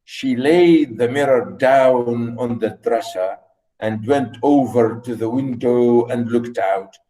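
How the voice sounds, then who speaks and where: A man's voice: mid-range voice, slow pace, mellow, poor audio. A man lecturing a class, reading a story aloud and asking students rhetorical questions. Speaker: literature lecturer.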